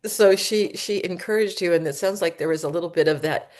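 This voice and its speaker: Woman host, interviewer, low voice, gently probing questions. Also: a little fast. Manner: warm encouraging questions with restarts. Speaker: radio show host. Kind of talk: interviewing a guest.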